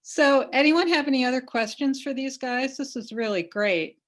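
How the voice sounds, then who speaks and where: A woman hosting an online event, friendly and teasing with the guests. Her voice sits a little high. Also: moderate pace. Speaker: event host. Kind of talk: casual video call chat. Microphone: video call.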